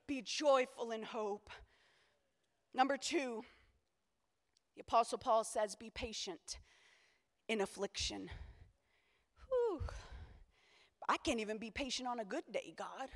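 A woman preaching a sermon, rising to shouted climaxes and dropping to quiet, joking asides with her listeners. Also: expressive, slow, pauses often. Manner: swings between shouted high climaxes and quiet low asides; humorous, conversational asides to the congregation. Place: church conference hall.

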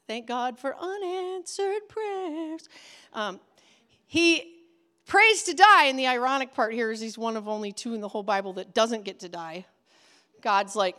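Animated high-voiced woman preaching. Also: moderate pace. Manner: animated, acts out characters' lines with big swings in pitch and volume. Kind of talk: sermon storytelling.

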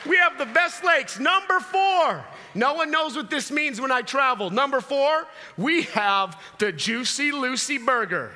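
A traveling preacher from Minnesota works the crowd with a high, piercingly bright voice. He is loud and pumped up, calling for cheers, and his voice rings with the long reverb of a large hall. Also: normal speed, few pauses. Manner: energetic, hyped-up, calls out to the crowd. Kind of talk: comedic stage talk to a live crowd.

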